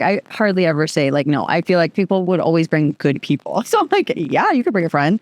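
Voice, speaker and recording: A woman with a fairly low voice, recorded dry with no echo, tells stories in a casual interview. She's a podcast guest and youth program co-founder, chatty and animated, filling her speech with "like."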